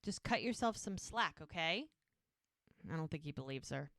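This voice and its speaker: A woman's voice: low-pitched, lively intonation, moderate pace, fairly bright tone, dry recording, studio quality. A woman co-hosting a podcast, casually recapping a TV episode and retelling each scene while quoting the characters. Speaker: podcast co-host.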